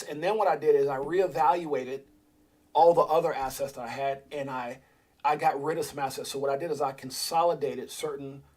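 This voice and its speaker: Husky man rambling on a livestream. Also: on the high side. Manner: rambling, animated, quick asides and mock voices. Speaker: crypto livestream host. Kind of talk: casual livestream talk.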